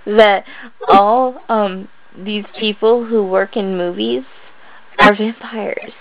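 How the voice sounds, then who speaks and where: A woman's voice: medium pitch, fairly even intonation, takes it slowly, dull audio, slight background noise. A woman co-hosting a podcast, chatting casually about a movie, laughing often and floating playful theories. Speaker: podcast co-host.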